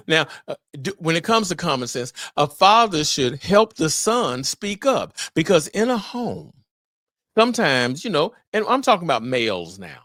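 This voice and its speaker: A middle-aged man hosting a solo podcast on fatherhood, talking in an animated, preacher-like way with exclamations. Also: on the high side, measured pace, dry recording, clean studio sound. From Memphis area, US. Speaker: podcast host.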